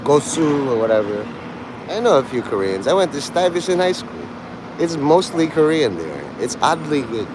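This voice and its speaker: A man's voice: on the high side, big pitch swings, normal speed, background noise. A man from New York City livestreaming outdoors, rambling erratically and taunting his chat in an abrasive way. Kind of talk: rambling live-stream chat.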